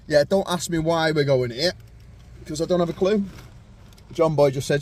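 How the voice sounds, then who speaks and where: A man's voice: a little high, a little fast, a little mellow, slight background noise. A man hosting a fishing vlog in casual, jokey banter, often laughing and teasing his mate. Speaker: fishing video host.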